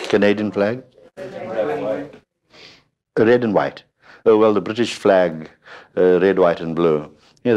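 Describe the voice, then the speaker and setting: A man giving a spiritual talk to an audience, telling humorous anecdotes and often pausing to ask "hmm?". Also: low-pitched, a little mellow. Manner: storytelling with frequent questioning "hmm?" asides. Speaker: spiritual teacher.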